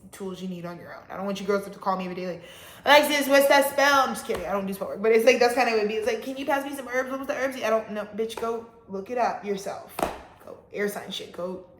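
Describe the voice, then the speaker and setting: A woman's voice: mid-range voice, reverberant, slight background noise. A woman giving a casual, rambling tarot reading, talking bluntly and swearing freely. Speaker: tarot reader.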